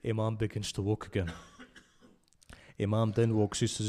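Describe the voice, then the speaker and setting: A man leads a passionate recitation for mourners gathered in a religious centre hall, moving between loud cries and low passages. He regularly asks the listeners direct questions, keeping a level tone and a moderate pace.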